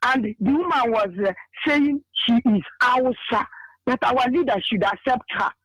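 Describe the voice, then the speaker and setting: A Nigerian man with a strikingly high voice tells of a vision in halting, repetitive, emotional speech. The sound is dry and close, with no room around it. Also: fairly bright tone, no room sound, low-quality recording. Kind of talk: recounting a vision on radio.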